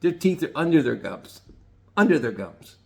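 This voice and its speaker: A man voicing a gruff, bossy grown man who talks down to others with scorn. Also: very animated, normal speed. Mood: scornful. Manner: low, muttering and dismissive.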